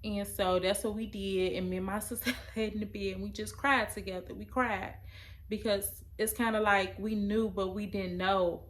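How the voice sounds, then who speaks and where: A young adult woman, telling a personal story in a casual, emotional, halting way. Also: medium pitch.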